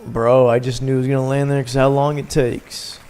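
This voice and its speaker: A man's voice: medium pitch, flat delivery, a little fast, darkish tone, smooth. A man hosting a casual gaming livestream, chatting loosely with his viewers while he plays. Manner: laid-back, chatting with viewers while playing. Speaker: livestream host.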